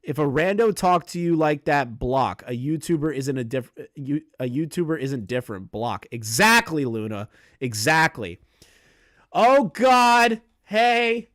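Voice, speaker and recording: A young man hosting a casual livestream commentary from his apartment, swearing freely and breaking into loud shrieks of disbelief. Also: mid-range voice, lively intonation, moderate pace, dry recording, studio quality.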